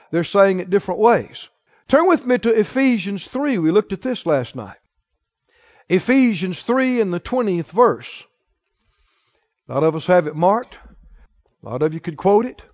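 A preacher delivers a sermon in a high voice, dropping into quiet asides and then climbing to near-shouts. The recording sounds dull and muffled.

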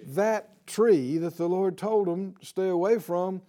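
A middle-aged male preacher teaches from the Bible at a slow, deliberate pace. His voice sits a little high for a man yet sounds dark and mellow. He talks earnestly and keeps putting questions to his listeners.

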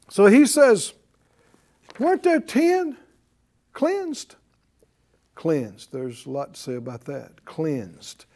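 A man preaching a sermon, asking his congregation questions and acting out shouts of praise. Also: fairly high pitch. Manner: animated, calls out to the congregation and acts out shouts of praise.

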